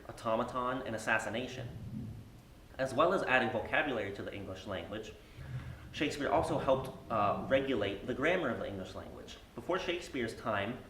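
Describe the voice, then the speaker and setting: A man narrating a school project in a steady, explanatory read-aloud manner, with the odd filler. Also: mid-range voice, a little hiss or hum. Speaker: student presenter. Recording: roomy, distant mic with faint music.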